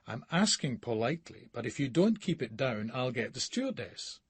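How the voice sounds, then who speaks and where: A man's voice: medium pitch, big pitch swings, normal speed, breathy edge, no echo, exaggerated voice. A man voicing a prim, indignant middle-aged male passenger, stiff and self-righteous.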